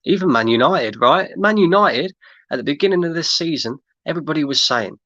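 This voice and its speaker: A man's voice: a little high, animated, fairly quick, a bit bright, no echo, lo-fi sound. A man hosting a fan livestream, ranting in exasperation and repeating himself while he reads out chat comments. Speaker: fan channel host. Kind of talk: livestream rant reading chat.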